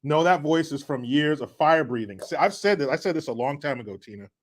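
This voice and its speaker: A middle-aged man hosting a casual political commentary stream, reading viewer comments with sarcastic, mocking asides that swing from loud to muttered. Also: fairly high pitch, expressive, brisk.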